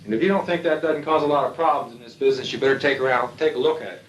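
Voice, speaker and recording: A man's voice: medium pitch, very fast. A man giving a lecture to military aviators in a blunt, folksy way with salty humor. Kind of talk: lecture to an audience. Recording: echoey hall, distant mic.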